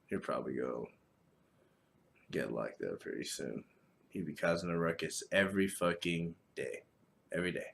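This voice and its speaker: A man hosting a solo podcast, talking casually in a profane, rambling, animated way. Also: sits low, normal speed, gravelly, pauses often, a little hiss or hum. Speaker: podcast host.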